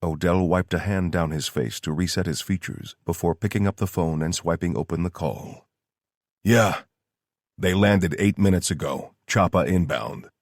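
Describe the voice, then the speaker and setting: A man reading an audiobook in steady, scripted narration. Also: low voice, no echo, clean studio sound.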